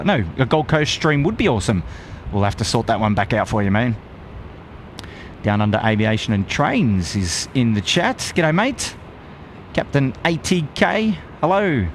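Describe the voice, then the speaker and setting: A man with an Australian accent hosting a live stream outdoors, reading out viewer shout-outs in a friendly, upbeat way. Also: mid-range voice, very animated, a little slow, slight background noise. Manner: upbeat, friendly, lots of "g'day, mate". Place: outdoors at an airport plane spotting spot.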